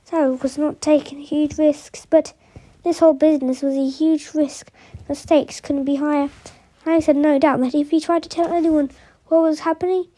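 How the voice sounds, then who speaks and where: A woman reads a novel aloud in a high, mellow voice. She stumbles often, restarting and correcting words as she goes. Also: steady tone, normal speed. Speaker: reader of an audiobook.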